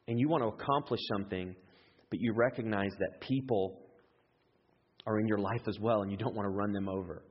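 A man preaching a sermon in an animated way, jumping up in pitch when he acts out excited voices. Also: a little fast, husky. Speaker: pastor. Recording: echoey hall, dull lo-fi sound.

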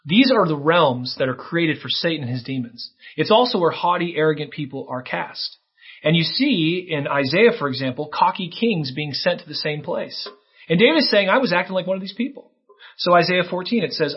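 A man preaching a sermon, earnest and animated, with many rhetorical questions. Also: on the high side, moderate pace, slightly rough, muffled recording. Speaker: pastor.

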